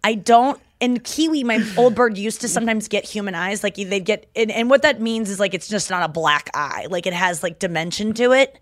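Woman, young adult, casual comedic chat, mid pitch, dry sound. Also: normal speed, hardly any pauses, no room sound. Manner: animated, jumps into squealing voices for quotes. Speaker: podcast co-host.

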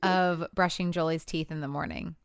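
A woman in her thirties hosts a podcast in easy, giggly chat. Her voice is crisp and clear, recorded on a studio mic. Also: low voice, steady tone, normal speed. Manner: giggly, chatty storyteller. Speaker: podcast host. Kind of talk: casual chat with friends.

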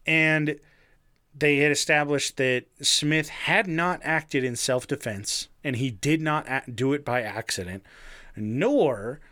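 A man's voice: on the high side, slow, bright, forceful tone. A man casually recounting a crime story, swearing freely and laughing as he goes. His talk is loose, full of restarts and fillers. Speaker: podcast co-host telling a true crime story. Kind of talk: casual chat.

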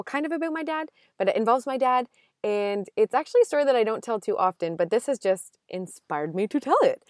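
A woman's voice: mid-range voice, dry recording. Chatty woman podcaster, close dry sound. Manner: chatty and emotional, quick asides and restarts. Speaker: podcast host. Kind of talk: casual solo podcast storytelling.

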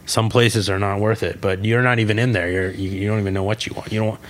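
A man in casual chat, asking quick, curious follow-up questions. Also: fairly low pitch, little pitch movement.

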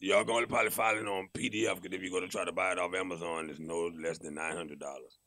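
A man's voice: sits low, fairly even intonation, fast talker, sharp tone, dry recording. A man in a casual podcast chat, explaining his point at length.

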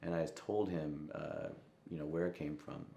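A young man, a musician, telling a personal story in an interview, reflective and often quoting others in a soft voice. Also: rumbling low, fairly even intonation, normal speed, vocal fry, reverberant, slight background noise. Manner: reflective, quotes voices with soft asides and laughs.

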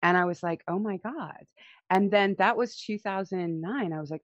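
A woman's voice: medium pitch, normal speed, no room sound, highs cut off. A woman in casual conversation, telling personal stories with feeling and frequent laughter. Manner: emotional, laughs often, tells stories.

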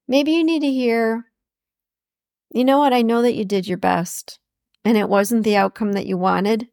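Slow, gravelly-voiced woman podcast host. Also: a little high, steady tone, no room sound, studio quality. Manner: warm affirming, repeats phrases, speaks imagined words of encouragement. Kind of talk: encouraging solo podcast talk.

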